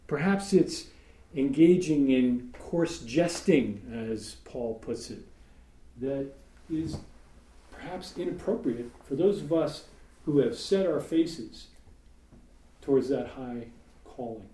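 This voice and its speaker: A man's voice: mid-range voice, animated, takes it slowly, dark tone. A man giving an informal sermon to his congregation, conversational with joking asides and many fillers. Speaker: congregation teacher. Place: meeting room with congregation. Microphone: room mic for live stream. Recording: echoey room, faint background hum.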